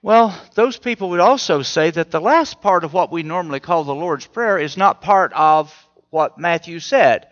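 In a conversational sermon, a man keeps posing rhetorical questions to his listeners. His voice is fairly high and a bit bright, moving at normal speed with few pauses. The audio is muffled, with a long hall reverb.

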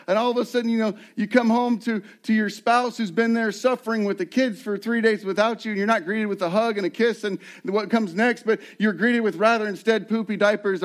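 Middle-aged guy preaching, fairly high voice, gets animated and does voices of people. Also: brisk, few pauses. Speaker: lead pastor. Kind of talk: sermon.

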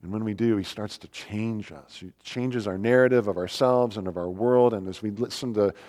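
A pastor preaches a sermon in a reverberant hall, speaking at normal speed in a fairly low, slightly mellow voice. His delivery is earnest and emphatic, with rhetorical questions.

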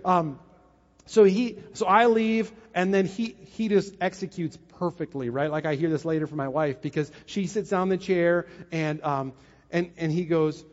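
Pastor telling a story, reverberant hall. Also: male voice, fairly high pitch, moderate pace. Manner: storytelling, animated asides. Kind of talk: sermon with personal story. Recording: muffled, long hall reverb.

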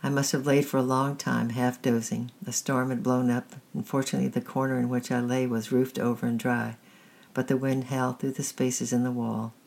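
A woman hosting a story-time reading, narrating a chapter book in a steady, measured way. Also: extremely low pitch, creaky.

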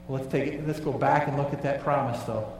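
A man preaching a sermon, emphatic, dropping low and quiet on key phrases. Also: steady tone, fast talker, recorded from a distance, a little hiss or hum. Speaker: pastor. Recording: echoey hall, voice from off-mic.

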